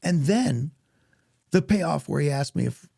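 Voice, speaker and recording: A man, an actor guest on a podcast, telling stories in a casual, animated way and acting out what others said. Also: fairly high pitch, measured pace, creaky, slightly rough, dry recording, clean studio sound. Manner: animated, acts out quoted voices. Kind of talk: casual storytelling interview.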